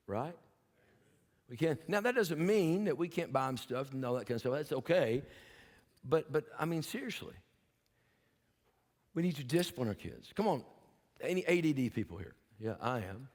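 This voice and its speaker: A man's voice: mid-range voice, big-room sound. An older man preaching a sermon as pastor, telling folksy stories with humor and then urging his listeners earnestly. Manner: earnest, emphatic exhortation. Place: church sanctuary.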